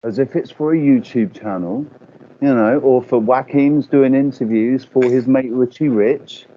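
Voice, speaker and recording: A man's voice: medium pitch, measured pace, lo-fi sound, slight background noise. A man chatting casually as a guest on a video call, rambling with fillers and restarts.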